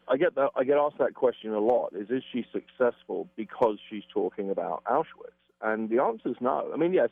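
A man's voice: lowish voice, dry recording. A man explaining communication as an interview guest, emphatic and acting out quoted reactions. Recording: tinny phone-line sound.

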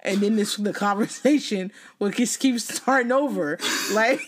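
A woman co-hosting a casual talk show, telling stories in an animated way and acting out the people in them, laughing often. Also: mid-range voice, normal speed, slight background noise. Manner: animated storyteller who mimics others and laughs often. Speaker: podcast co-host. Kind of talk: casual banter.

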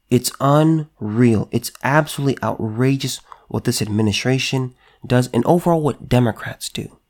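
Speaking at a normal speed in a mid-range, somewhat dark voice, a Californian man delivers political commentary for his vlog. His style is forceful and emphatic, built on rhetorical questions he keeps repeating, and he stammers into restarts when worked up.

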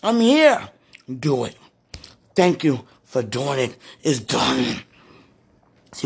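A woman with a hoarse, husky voice, worn from preaching and crying, talking casually to God in a prayerful monologue and calling out to him between sentences. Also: very deep voice, sing-song, slow pace, long pauses, a little hiss or hum. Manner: talks to God aloud, breaks into moans and exclamations. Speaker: street preacher.

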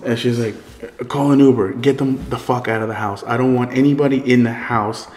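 A man telling a story in casual chat, profane and animated, often breaking into laughter. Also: medium pitch, brisk. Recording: echoey room, faint noise.

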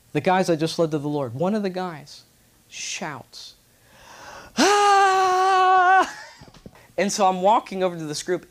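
Animated male preacher telling a story. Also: sits high. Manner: animated storytelling, acts out voices, rises to loud exclamations. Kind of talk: sermon storytelling. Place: church with congregation responding.

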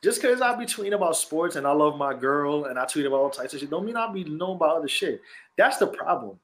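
A man's voice: fairly high pitch, animated, fast talker, fairly bright tone. A man from New York co-hosting a casual podcast, ranting brashly and swearing freely. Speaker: podcast co-host. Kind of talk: casual chat.

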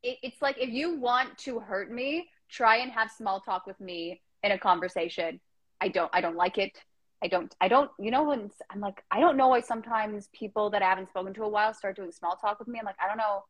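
A woman with a mid-range voice chats as a guest on a live stream. She talks in animated, rambling runs and laughs often. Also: medium pitch, fairly quick, dry recording, low-quality recording. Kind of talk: casual chat. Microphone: Instagram Live stream.

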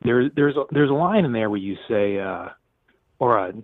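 A man's voice: mid-range voice, animated, moderate pace, no room sound. A man calling in to a talk show, speaking with some hesitation. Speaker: caller. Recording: tinny dry phone line.

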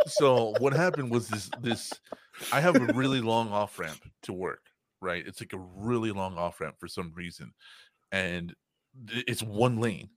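Young man, podcast host, low voice, dry close sound, rambling, swears a lot. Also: expressive, measured pace, no echo. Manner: rambling, profane storytelling with frequent fillers. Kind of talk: casual chat.

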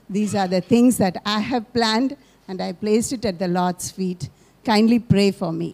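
A woman's voice: medium pitch, darkish tone. A woman, a mother, giving an earnest and grateful testimony in church. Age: adult with children.

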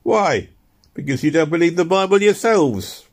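Brief: male narrator as scornful young heckler, high, challenging, husky. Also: animated, normal speed. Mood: mocking. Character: mocking young male unbeliever, well-dressed.

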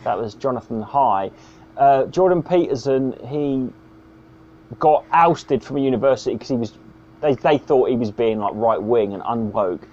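A man's voice: medium pitch, normal speed, darkish tone. A man co-hosting a podcast, rambling, teasing and swearing in casual banter. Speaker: podcast co-host. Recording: dull lo-fi sound.

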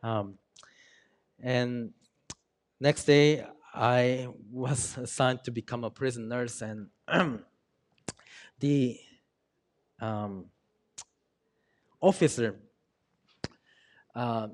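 A man telling a personal testimony in an earnest, halting storytelling manner, with frequent pauses and ums. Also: mid-range voice. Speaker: speaker sharing a personal testimony.

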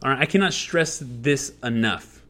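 A man's voice: mid-range voice, expressive, normal speed, sharp tone. A man hosting a podcast, giving blunt life advice in an emphatic, profanity-heavy monologue that circles back on its points. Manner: emphatic, heavy swearing, repetitive. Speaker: podcast host.

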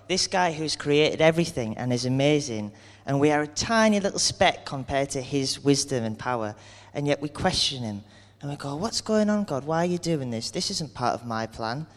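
A man giving an earnest, conversational sermon, speaking candidly and acting out everyday complaints. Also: a little high. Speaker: preacher. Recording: long hall reverb.

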